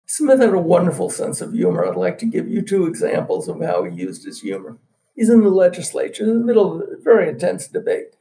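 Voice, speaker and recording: A man, a guest author, telling anecdotes in an interview and acting out the quotes as an animated storyteller. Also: high voice, brisk, creaky, far from the mic.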